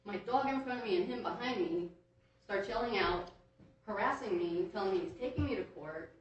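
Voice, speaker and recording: A woman's voice: fairly low pitch, lively intonation, fast, slight background noise. A woman giving public comment at a hearing, recounting her complaints in an aggrieved way, with many ums. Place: large echoey meeting room. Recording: echoey room from a distance.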